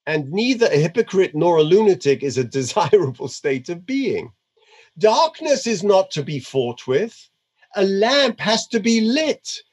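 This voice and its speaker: A man doing a male Indian guru with a put-on Indian accent, reading slowly and deliberately, leaning hard on key words. The voice sits a little high and swings widely in pitch. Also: big pitch swings, darkish tone, heavily acted. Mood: solemn.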